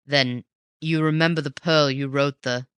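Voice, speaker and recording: A reader voicing a cool, mocking gentleman thief who talks low and forcefully, in an audiobook reading. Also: steady tone, unhurried, clear, resonant tone, no echo, close to an everyday voice. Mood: wry. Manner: snarling and teasing by turns.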